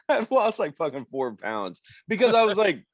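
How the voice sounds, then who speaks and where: A man's voice: high voice, moderate pace, no room sound. A man co-hosting a casual podcast, joking around and cursing casually. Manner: joking, lively, swears casually. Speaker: podcast co-host.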